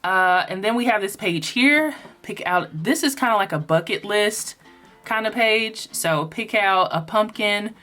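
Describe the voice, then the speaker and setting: A woman's voice: medium pitch, measured pace, pushed and bright, soft background music. A woman casually narrating a sticker book flip-through, chatty and upbeat with frequent ums and likes. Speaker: planner sticker vlogger.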